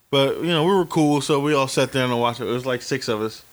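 In a laid-back co-hosted podcast chat, a man in his early forties spins animated stories, swearing a lot and acting out the dialogue on his own. His voice is medium in pitch, and he talks fast.

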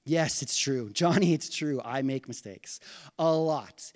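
A middle-aged pastor preaching a sermon, telling a personal story with earnest, conversational asides to the congregation. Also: male voice, fairly high pitch, very animated, measured pace.

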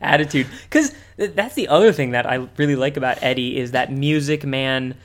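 A man's voice: medium pitch, a little fast. A man co-hosting a podcast, chatting casually about a cartoon, rambling with many fillers and restarts. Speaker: podcast co-host. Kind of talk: casual chat analyzing a cartoon.

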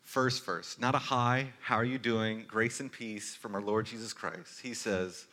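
A man in his thirties preaching a sermon as pastor, telling stories earnestly and moving between forceful and hushed delivery. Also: lowish voice, steady tone, unhurried. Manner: earnest storytelling, varies loudness from forceful to hushed.

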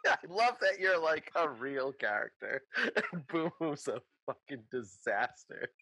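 A man playing a tabletop game, chatting excitedly and laughing often. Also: a little high, unhurried, slightly rough, dry recording. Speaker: player.

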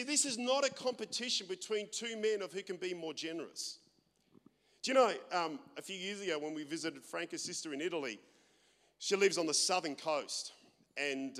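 An Australian pastor with a voice that sits high for a man preaches loudly and animatedly, telling stories and poking fun at himself. His sermon carries a long reverb from a large hall.

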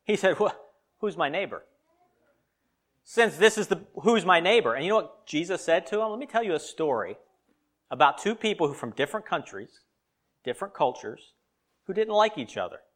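A male pastor preaching a sermon, swinging between loud emphatic lines and quiet asides. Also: high voice, big pitch swings, normal speed, long pauses.

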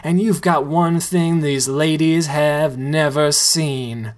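An earnest, rallying woman coach voiced by a male reader delivers pep talks in a comedic story reading. She speaks slowly and deliberately, in a voice of middling pitch. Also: a little mellow. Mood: encouraging.

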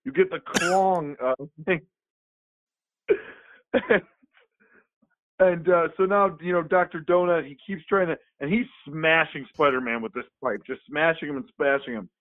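A man co-hosting a podcast, retelling a comic in a rambling, animated way with many fillers. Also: a little high, a little slow, pauses often, no room sound. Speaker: podcast co-host. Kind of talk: casual chat. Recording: phone-like, dry sound.

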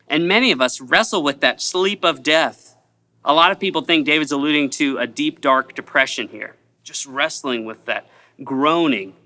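A male pastor delivers a sermon in a somewhat high, bright and forceful voice. He speaks earnestly, stacking repeated phrases to drive each point home. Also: normal speed.

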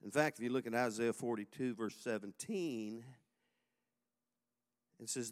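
A man preaching a sermon to a congregation, swinging from loud, fast exhortation to soft, slow reflection and calling on the crowd to repeat phrases. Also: mid-range voice. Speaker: pastor. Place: church sanctuary before a congregation.

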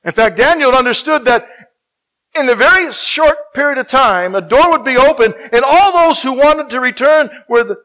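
A man with a high-pitched voice preaches a sermon from the pulpit. He is emphatic, rising on his key points and slowing right down to stress each verse. Now and then he stops and asks his listeners to fill in the next word. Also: animated, pushed and bright. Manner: asks the congregation to finish verses. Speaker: pastor.

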